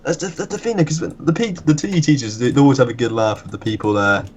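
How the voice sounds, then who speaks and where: A man's voice: mid-range voice, animated, a loud crowd. A young man rattling off sweary school stories in casual chat. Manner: quick profane storytelling. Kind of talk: casual chat while gaming.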